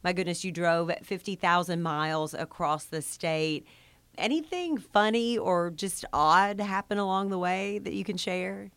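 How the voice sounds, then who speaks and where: Smooth low-voiced woman interviewer. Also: measured pace, fairly bright tone, dry recording. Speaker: interviewer host. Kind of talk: interview questions.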